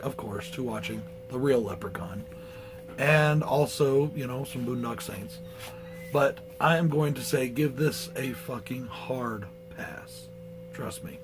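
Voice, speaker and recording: A man's voice: medium pitch, slight background noise, poor audio. A man giving a blunt, profane movie review in a casual rant.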